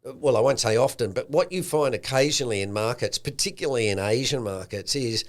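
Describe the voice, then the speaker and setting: Australian man, podcast host, lively and slangy, mid-pitched voice. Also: fairly quick. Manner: animated, acts out quotes with a slangy tone. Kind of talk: casual chat.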